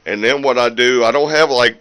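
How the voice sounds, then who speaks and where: A man with a brisk, medium-pitched voice that's fairly bright, clear, and resonant vlogs casually from his small home recording room, captured roughly on his camera's built-in mic. An independent musician and small seller, he's a little out of breath, rambling with lots of fillers and frequent restarts.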